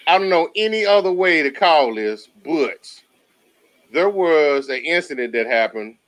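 A man's voice: a little high, animated, measured pace, a bit bright. A man co-hosting a casual sports talk show, slangy and laughing often. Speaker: podcast co-host.

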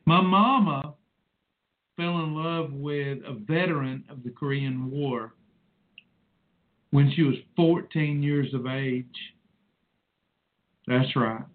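A man in his forties hosts a rambling personal monologue that turns emotional and preachy. His voice is a little high and slow, broken up by long pauses, and the recording sounds tinny, like a phone.

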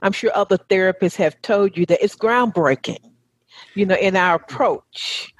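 Warm-hearted Southern female host, encouraging, dry close recording. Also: medium pitch, lively intonation, normal speed, no echo. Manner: effusive, encouraging. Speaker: talk show host. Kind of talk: casual interview chat.

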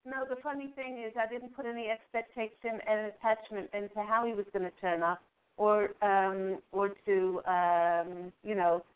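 Woman, call-in radio host, gentle, affirming, smooth clear voice, phone-like sound. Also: medium pitch. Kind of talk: spiritual call-in radio hosting. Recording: tinny phone-line sound.

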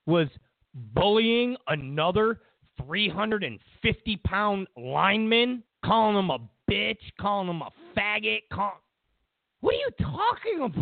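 Sarcastic high-pitched ranting man, tinny. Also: gravelly, no echo. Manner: sarcastic, exasperated, repeats "come on". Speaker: political commentary host. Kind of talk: ranting commentary monologue.

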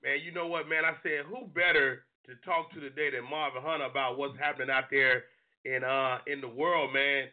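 A man's voice: medium pitch, steady tone, a little fast, phone-quality sound. A man hosting a live call-in show, chatting loosely with a comedian guest and pushing back on his points. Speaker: radio show host. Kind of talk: call-in radio interview.

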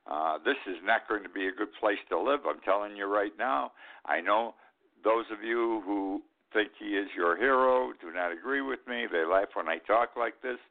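An older man hosting a talk show, giving an indignant, emphatic political commentary and repeating his points. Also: fairly low pitch. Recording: tinny phone-like line.

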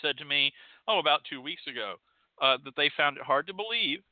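A man hosts his show in a sarcastic, profane rant. His fairly high voice swings up and down a lot. The sound is dry and thin, like a phone line. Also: animated, a little fast, no echo. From Texas. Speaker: show host. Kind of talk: ranting monologue.

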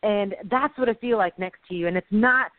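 Animated rambling woman on a tinny line. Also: mid-range voice, fairly quick, dry recording. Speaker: podcast co-host. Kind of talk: casual faith talk. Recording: tinny phone-like, dry.

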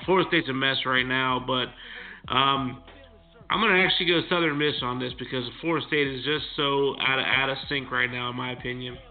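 A man co-hosting a casual sports chat, halting and often restarting his sentences. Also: medium pitch. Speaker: sports podcast co-host. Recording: tinny phone-like line.

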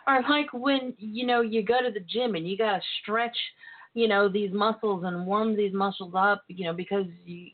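A woman's voice: mid-range voice, steady tone, normal speed. A woman hosting a call-in radio talk show, talking in an earnest, encouraging way and laughing often. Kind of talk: casual call-in radio chat. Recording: tinny phone-line sound.

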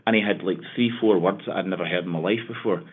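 A man's voice: low voice, quick pace, slightly rough. A man with a Scottish accent from Argyll, a dialect coach talking enthusiastically as an interview guest. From Scotland. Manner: enthusiastic, animated, slips into dialect imitations. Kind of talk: casual interview over the phone. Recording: tinny phone line.

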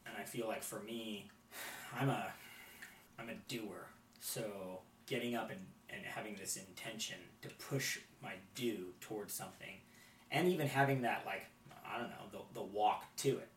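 A man's voice: on the low side, moderate pace. A man, a guest on a faith podcast, talking reflectively and often checking in with "right?" as he goes. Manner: reflective, with frequent restarts and "right?" tags. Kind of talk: conversational faith podcast chat. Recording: roomy, distant mic, faint noise.

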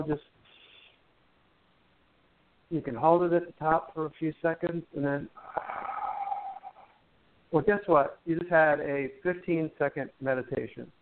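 A man guest on a talk show, gently explaining breath and meditation in a chatty, teacherly way with playful jokes. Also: on the high side. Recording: tinny phone line.

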